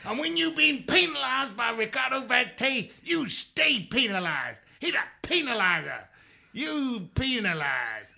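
A boastful footballer swaggers through his lines, high and swooping with a gravelly edge. He shouts his brags, profane and cocky. The tone is bright and cutting. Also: big pitch swings, measured pace, full character voice. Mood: swaggering. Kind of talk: comic reading of an email in character.

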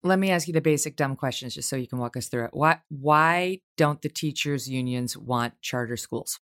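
A woman's voice: a bass voice, moderate pace, a bit bright. A woman hosting an interview, talking in an emphatic, indignant way. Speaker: podcast host. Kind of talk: conversational interview.

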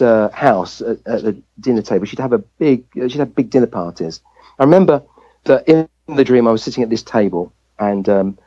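An English man recounts a personal story as an interview guest. His pitch swings widely as he acts out the voices of people he quotes. The recording is dull and lo-fi. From England. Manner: lively anecdote-telling, acting out quoted voices. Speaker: guest, family physician.

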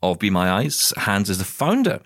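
Chatty male co-host, low voice. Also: normal speed, no room sound, studio quality. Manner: animated, chuckling, rambling restarts. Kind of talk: casual radio chat.

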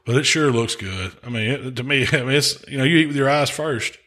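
Man, relaxed drawl, casual podcast chat, frequent chuckles. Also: medium pitch, brisk. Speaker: podcast host, pitmaster.

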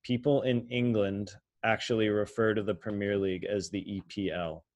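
A man co-hosting a podcast, laying out facts and posing quiz questions in a measured way. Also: lowish voice, steady tone, darkish tone. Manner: measured, explains facts and figures. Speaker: podcast co-host running a quiz. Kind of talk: casual chat.

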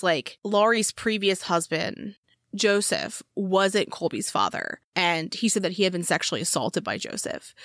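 A woman's voice: fairly low pitch, a bit bright, no echo, clean studio sound. A woman co-hosting a casual true-crime podcast, blunt and emphatic, swearing freely. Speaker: podcast co-host.

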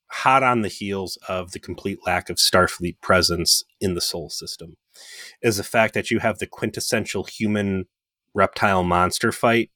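A man's voice: lowish voice, sharp tone, dry recording, clean studio sound. A man co-hosting a podcast, recapping a TV episode in rambling, profane, joking casual chat. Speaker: podcast co-host.

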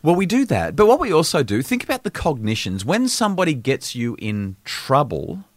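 Australian man, middle-aged, parenting expert, animated storyteller, swooping lively pitch, dry close sound. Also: moderate pace, dry recording. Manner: animated storyteller, acts out scenes and laughs. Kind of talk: casual podcast chat.

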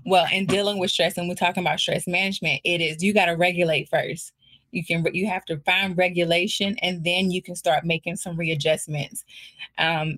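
A woman guest therapist and resilience coach, explaining in a calm way during an interview. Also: fairly low pitch. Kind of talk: conversational interview.

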